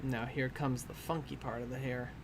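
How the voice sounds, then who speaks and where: A man's voice: mid-range voice, flat delivery, moderate pace, background noise. A man hosting a drawing stream, chatting casually and self-mockingly as he works and laughing easily. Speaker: streaming artist host.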